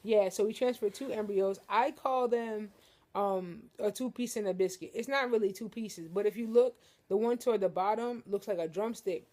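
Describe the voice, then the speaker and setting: This young woman vlogs from the couch in her living room with a medium-pitched, dark voice at a moderate pace. Playful and joking, she talks directly to her viewers and calls them "y'all."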